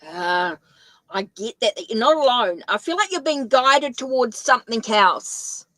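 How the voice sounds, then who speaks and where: A woman's voice: on the high side, expressive, a little slow, fairly bright tone, no room sound, poor audio. A woman with a New Zealand accent giving a live-stream tarot reading, thinking aloud and correcting herself as she goes. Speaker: tarot reader.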